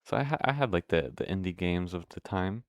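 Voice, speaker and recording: Deep-voiced young man rambling over gameplay. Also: expressive, brisk. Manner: meandering, self-interrupting, swears casually. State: hiccuping. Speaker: let's play host.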